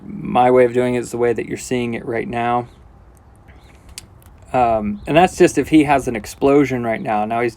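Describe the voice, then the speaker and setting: A man in the middle of his natural pitch range talks a viewer through what he is doing, step by step. His manner is calm and relaxed, explaining as he goes and dropping in casual asides. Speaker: horse trainer. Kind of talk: instructional commentary while working.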